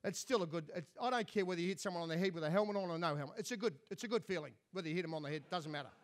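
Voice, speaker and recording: A man's voice: high-pitched, very fast. An Australian man telling comic stories as an after-dinner speaker, dry and self-mocking.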